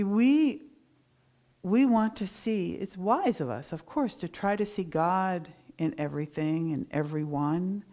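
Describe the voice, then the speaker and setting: A middle-aged woman giving a Sunday sermon, telling a story in a lively, animated way. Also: on the low side. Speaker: minister giving a Sunday talk.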